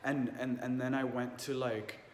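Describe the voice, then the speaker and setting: In an unhurried, mid-range voice with little pitch movement, a young adult vlogger shares a heartfelt personal story, saying "like" again and again. The room is echoey with a long reverb and some faint ambience.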